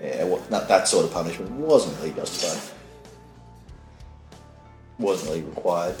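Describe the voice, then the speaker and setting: Aussie dude w dry crude jokes on a podcast, low voice, echoey room, faint music. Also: male voice, lively intonation, normal speed. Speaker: podcast co-host. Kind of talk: casual comedic chat.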